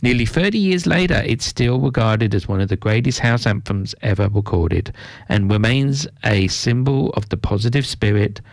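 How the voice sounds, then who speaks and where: A man hosting a radio show, presenting tracks in a relaxed, chatty way. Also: fairly low pitch, normal speed, dry recording. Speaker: radio host.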